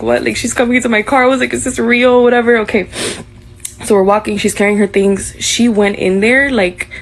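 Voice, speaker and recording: A young woman eagerly retelling what she saw, full of fillers and quoted dialogue, saying she is short of breath. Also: medium pitch. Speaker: eyewitness telling her story. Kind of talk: casual storytelling.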